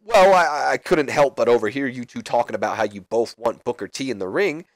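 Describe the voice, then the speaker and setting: A man's voice: mid-range voice, lively intonation, brisk, no room sound, lightly acted. A man voicing an eager, awkward male wrestler who speaks in a hesitant, overly friendly way.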